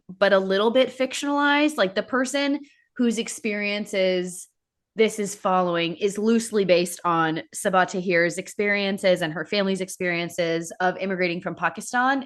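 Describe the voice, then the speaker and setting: Woman co-host, casual and talkative, mid-pitched, self-correcting, light laughter. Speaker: podcast co-host. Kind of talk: casual chat about books.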